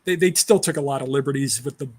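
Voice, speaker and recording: A man's voice: mid-range voice, fast talker, a little mellow, breathy edge, no room sound. Blunt, opinionated man, dry close sound. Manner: blunt and opinionated, laughing often. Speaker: podcast co-host. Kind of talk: casual movie discussion.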